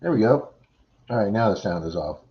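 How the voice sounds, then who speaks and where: A man's voice: fairly low pitch, big pitch swings, brisk. A man hosting a live stream, telling a long story casually with many "uh"s and restarts. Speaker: livestream host. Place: home computer setup. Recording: dull lo-fi stream audio.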